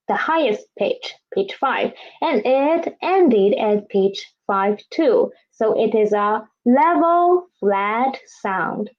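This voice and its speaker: Slow, patient woman teaching pinyin. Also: fairly high pitch, darkish tone, muffled recording. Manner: slow, patient, demonstrates each sound and asks students to repeat. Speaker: Chinese teacher. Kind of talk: pinyin lesson for beginners.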